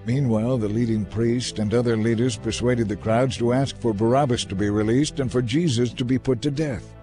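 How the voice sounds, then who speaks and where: A man narrating scripture in a measured, dramatic reading. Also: mid-range voice, steady tone, mellow, faint music behind.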